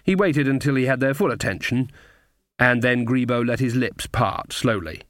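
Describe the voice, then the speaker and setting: Here a man narrates an audiobook, his delivery measured and wry, his pitch normal for a male voice. The close, very dry studio capture has no room sound or echo, and the tone leans slightly bright.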